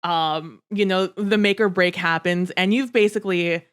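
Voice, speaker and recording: A woman with a smooth, clear voice co-hosts a casual book podcast. She talks in an animated, chatty way, slips into the characters' voices to act out their lines, and swears without fuss. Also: fairly low pitch, normal speed. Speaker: podcast co-host.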